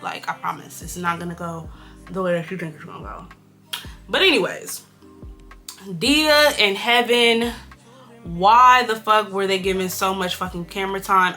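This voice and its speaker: A young woman from California chatting bluntly and with plenty of swearing while doing a makeup tutorial. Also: mid-range voice. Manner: blunt, profane, animated gossip. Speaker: beauty vlogger.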